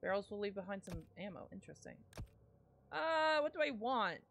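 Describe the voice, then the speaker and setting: A woman streaming a video game, reading upgrade text under her breath and ranting loudly with swearing when things go wrong. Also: very animated, normal speed, vocal fry, slight background noise. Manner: mutters upgrade text aloud in a low voice. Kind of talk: casual gameplay commentary.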